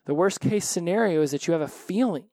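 A man's voice: high voice, lively intonation, fast, darkish tone, no room sound, studio quality. A man hosting a solo recovery podcast, talking earnestly and animatedly, often repeating phrases for emphasis.

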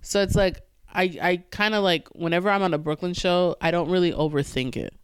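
Woman stand-up guest, lively storyteller, crisp voice, dead-dry studio sound. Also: fairly low pitch, a little fast, no room sound. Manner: animated storyteller, swears freely, acts out crowd quotes. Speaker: comedian guest. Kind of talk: casual podcast chat.

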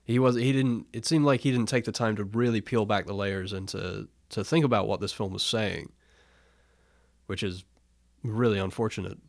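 A man's voice: fairly low pitch, steady tone, moderate pace, gravelly, no room sound, studio quality. A man co-hosting a casual film podcast, opinionated, often restarting his sentences. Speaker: podcast co-host.

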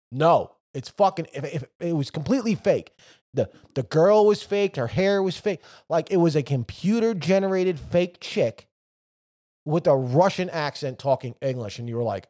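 A man's voice: on the high side, moderate pace. A man co-hosting a podcast in casual chat, rambling and swearing a lot. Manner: profane, rambling, animated storytelling. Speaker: podcast co-host.

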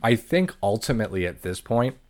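A man's voice: on the low side, very animated, brisk, darkish tone. A man co-hosting a podcast in casual chat, laid-back and blunt with his opinions. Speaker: podcast co-host.

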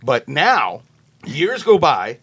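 A man tells a long anecdote on a podcast, acting out the people in it with a jumpy, excited delivery. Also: slow pace, husky. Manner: acts out quotes in a high excited voice, lots of "like" and "you know". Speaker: podcast guest telling a story. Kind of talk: animated storytelling.

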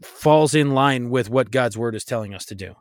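A man's voice: medium pitch, normal speed, dry recording, clean studio sound. A man co-hosting a faith-based podcast, talking in an earnest, exhorting way with frequent restarts. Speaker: podcast co-host.

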